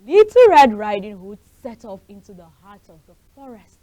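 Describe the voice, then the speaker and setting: A woman hosting a children's show, telling a fairy tale and talking to the kids directly in an animated way. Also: on the high side, moderate pace, no echo, rough recording. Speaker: storyteller host of a children's show. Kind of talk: storytelling for children.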